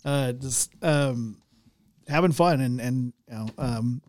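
A man hosting a podcast in casual chat, easygoing, laughing often and filling pauses with "um" and "uh". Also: medium pitch, a little mellow, dry recording, clean studio sound. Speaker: podcast host. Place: small podcast studio. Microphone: studio mic.

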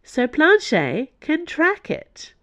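Brief: excitable young female musketeer, keen and bright-voiced, read by a woman. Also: high-pitched, takes it slowly, pitched above the performer's own voice, full character voice. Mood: excited.

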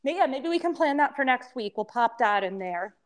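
A woman's voice: high voice, expressive, a little fast. A woman in her thirties with a lisp, chatting casually as a podcast co-host and rambling with frequent laughter. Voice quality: lisp from temporary crowns. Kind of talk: casual chat.

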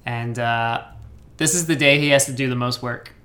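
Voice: medium pitch, steady tone, moderate pace, fairly bright tone. A podcast host who keeps the casual movie chat going by asking discussion questions.

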